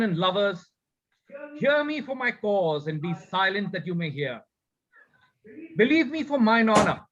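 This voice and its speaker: A man's voice: high voice, fairly bright tone, lo-fi sound, heavily acted. A man reciting Brutus's speech to the Roman crowd in formal, declaiming oratory. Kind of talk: Shakespeare recitation.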